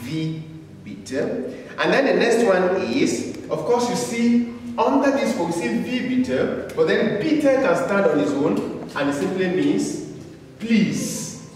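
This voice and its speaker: A man's voice: sits high, lively intonation, darkish tone, slight background noise. A man teaching a beginners' German class, speaking patiently and repeating each word for learners to say after him. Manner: patient, repetitive, drawn-out words. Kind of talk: slow classroom lecture with repeat-after-me drills. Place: classroom with a board. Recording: echoey hall, voice from far off.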